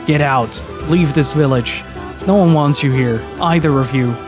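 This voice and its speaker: A man's voice: a little high, measured pace, over music, lightly acted. A man doing a jeering fat village bully boy. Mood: hateful. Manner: jeering, shouting.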